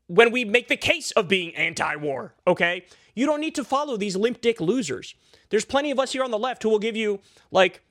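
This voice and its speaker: A man's voice: high voice, dry recording, clean studio sound. A man delivering a heated, profane, sarcastic political commentary rant, full of filler likes. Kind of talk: ranting political commentary vlog.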